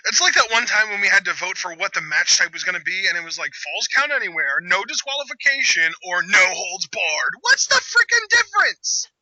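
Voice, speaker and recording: A man's voice: high-pitched, lively intonation, brisk, hardly any pauses, sharp tone, no echo, lo-fi sound. A young man hosting a live reaction chat, exclaiming, groaning and arguing with his co-host. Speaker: channel host.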